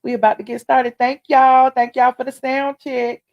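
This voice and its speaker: Sassy lady chatting live to her viewers, bit high voice, honey and child every other line. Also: moderate pace, lo-fi sound. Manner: animated, swings from loud to low asides. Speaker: host of a live stream. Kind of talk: casual live-stream chat.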